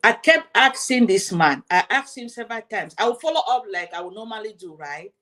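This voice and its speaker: Bright and forceful, with a higher-pitched voice, a woman speaks briskly and expressively as host of her own show. She relates a personal story emotionally, circling back over the same points and talking directly to her audience.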